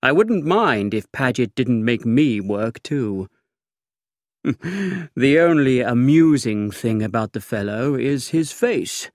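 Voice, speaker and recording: A man narrating an audiobook in the first person, with a languid, dry, measured reading. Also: medium pitch, lively intonation, dry recording. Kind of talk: scripted narration.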